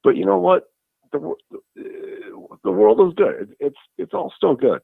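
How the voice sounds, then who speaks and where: A man with a Minnesota accent calling in to a podcast, rambling and halting after a couple of drinks. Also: high voice, lively intonation, creaky, slightly rough, no room sound. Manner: rambling, halting, a little tipsy. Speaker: caller. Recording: phone-line call.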